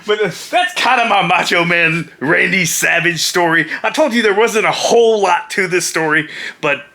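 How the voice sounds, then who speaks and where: A man, a motorcycle vlogger and former pro wrestler, telling a story casually, animated and laughing often. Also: high-pitched, moderate pace.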